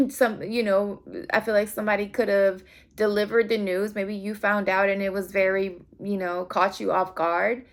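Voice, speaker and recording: A woman's voice: medium pitch, level tone, normal speed. A woman giving a casual tarot reading, talking straight to her viewers in a rambling, heartfelt way. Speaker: tarot reader.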